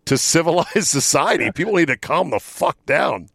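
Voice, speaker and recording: A man's voice: fairly high pitch, lively intonation, vocal fry, a bit bright, slightly rough, no room sound, studio quality. A man hosting a podcast from inside a van, chatting about sports in a blunt, profane way. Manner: blunt and profane, talking fast when riled. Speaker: podcast host. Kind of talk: casual sports chat. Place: inside a van used as a studio.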